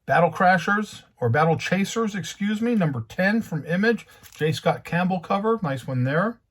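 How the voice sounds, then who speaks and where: A man's voice: high-pitched, lively intonation, moderate pace. A man hosting his own comic book channel, talking casually and rambling, growing heated as he rants. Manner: conversational, rambling, heated when ranting. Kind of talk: casual monologue.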